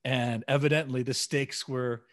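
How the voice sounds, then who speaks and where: A man co-hosting a podcast, telling a story in a casual, animated way, acting out dialogue and laughing along. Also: mid-range voice, unhurried. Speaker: podcast co-host.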